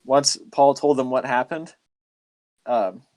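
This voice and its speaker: A man's voice: mid-range voice, slow pace, darkish tone, no echo. Casual rambling man telling a story. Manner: rambling, many "like" fillers. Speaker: podcast host telling a story.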